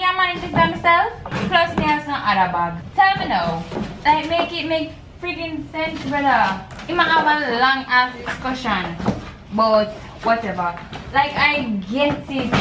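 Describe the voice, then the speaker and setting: Young Jamaican woman, vlogger, animated swearing rants in patois, faint background hiss. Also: a little high. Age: young adult. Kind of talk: casual chat while assembling furniture. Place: dorm room. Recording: echoey room, faint noise.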